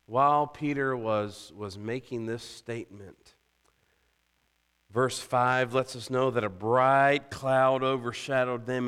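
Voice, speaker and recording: Bright, clear-voiced male preacher. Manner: animated, rising loud and high when quoting scripture; conversational asides, rhetorical questions. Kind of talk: sermon.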